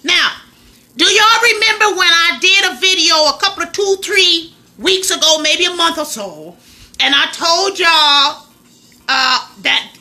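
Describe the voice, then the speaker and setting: A woman hosting a casual livestream on her phone, loud and slangy, laughing and talking straight to her viewers. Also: sits high. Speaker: livestream host.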